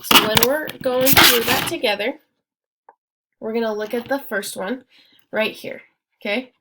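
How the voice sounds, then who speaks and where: A young woman teaching a small phonics lesson, speaking slowly and sounding out each word syllable by syllable. Her voice sits somewhat high, and she keeps praising the class as they work. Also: bright, forceful tone, slight background noise. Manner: encouraging, repeats words slowly and syllable by syllable.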